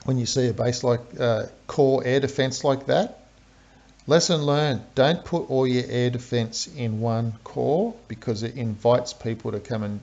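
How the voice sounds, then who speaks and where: A man giving casual live commentary on a strategy game, breaking down attacks with fillers and sudden bursts of excitement. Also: mid-range voice. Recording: dull lo-fi stream audio.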